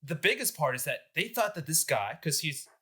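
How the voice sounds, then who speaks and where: A young man recounting history to friends in a casual, joking way. His voice is bright and pitched a bit high, and it swings widely as he talks, with lots of likes and ums. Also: fairly quick, slightly rough. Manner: animated, joking, filler-heavy. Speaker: podcast host.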